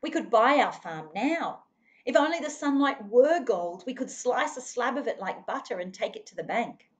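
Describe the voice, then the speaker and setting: Woman doing a worried young pioneer girl, anxious, wondering, raised pitch. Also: animated, normal speed, lightly acted.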